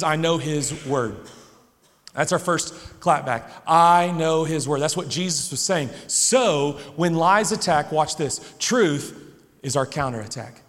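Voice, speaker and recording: A man in his thirties preaching a conversational sermon to a young crowd, animated and now and then shouting. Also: fairly high pitch, in a large hall. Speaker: pastor. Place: church hall.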